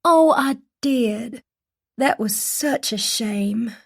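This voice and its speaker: A friendly young mother with a strong Southern accent, performed by a female audiobook narrator. She speaks slowly and gently, drawing out her words in a confiding way. Her voice is set a little higher and softer than the narration. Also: breathy edge, heavily acted.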